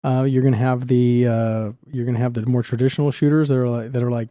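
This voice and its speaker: A middle-aged man chatting eagerly as a podcast guest, talking quickly with frequent restarts. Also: mid-range voice, level tone, dark tone, no room sound. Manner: enthusiastic, talks fast with restarts. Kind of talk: casual podcast chat.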